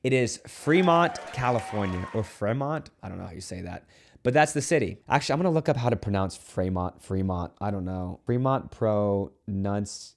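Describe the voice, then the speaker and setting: A man's voice: on the low side, fairly quick, gravelly, a little mellow. Earnest conversational priest, man. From United States. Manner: earnest, conversational, with playful asides. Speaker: Catholic priest. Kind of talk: video homily to camera.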